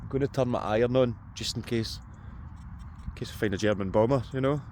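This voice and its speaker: A man's voice: medium pitch, fairly quick, darkish tone. Scottish guy rambling and cracking jokes in an open field, bit of outdoor hiss. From Scotland. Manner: jokey, chatty, talks to viewers. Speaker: metal detecting vlogger. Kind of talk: casual vlog narration outdoors.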